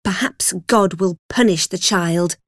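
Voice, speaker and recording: Harsh, moralising maidservant, voiced by a woman; slow and deliberate. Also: lowish voice, no room sound, studio quality. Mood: scolding. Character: stern adult female servant scolding a child.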